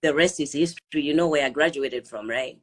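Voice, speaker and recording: Woman, Zimbabwean accent, 50s, husky, animated guest storyteller. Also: sits low, fairly quick. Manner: animated storyteller, many "you know" fillers. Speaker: guest, psychotherapist. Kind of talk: casual storytelling interview.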